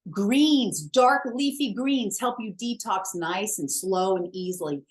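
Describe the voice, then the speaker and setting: A woman's voice: medium pitch, animated, takes it slowly. A woman wellness coach giving a chatty, emphatic motivational talk, blunt and self-mocking, with the odd swear word.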